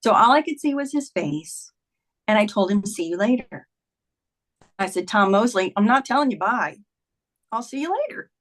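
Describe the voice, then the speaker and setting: A woman's voice: medium pitch, animated, normal speed. A woman in her fifties, a podcast guest, earnestly retelling a personal story in conversation, with many "like"s.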